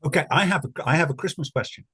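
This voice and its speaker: A man's voice: fairly high pitch, very fast, fairly bright tone, slightly rough. A man on a video call in a casual quiz chat, asking and answering trivia with a dry, wry humor. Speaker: quiz co-host.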